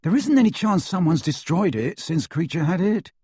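A man doing a fretful, excitable young man. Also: fast talker, gravelly, slightly rough, dry recording, studio quality, exaggerated voice. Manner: excitable, high and loud.

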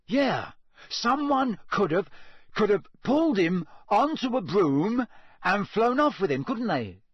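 A man voicing an eager, hopeful teenage boy in an audiobook, quick and keen. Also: high-pitched, very animated, breathy edge, dry recording, clean studio sound, voice pushed up, exaggerated voice. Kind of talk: audiobook character voice.

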